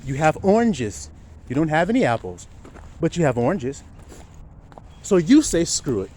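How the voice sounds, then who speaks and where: A man preaching informally, firing rhetorical questions and swinging from a low mutter to loud, emphatic outbursts, now and then swearing. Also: big pitch swings, normal speed, slight background noise.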